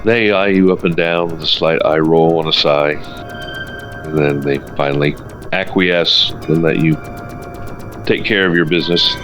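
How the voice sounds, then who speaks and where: A man narrating a tabletop game as its game master, in a relaxed and halting way with fillers. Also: very deep voice, soft background music, rough recording.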